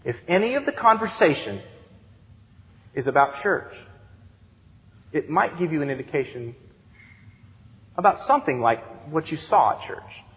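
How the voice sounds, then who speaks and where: A man in his thirties preaching a sermon as youth director, telling stories with animated, acted-out voices, heard in a church sanctuary. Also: fairly high pitch, measured pace, long pauses. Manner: animated storytelling, acts out excited voices. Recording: dull sound with long church reverb.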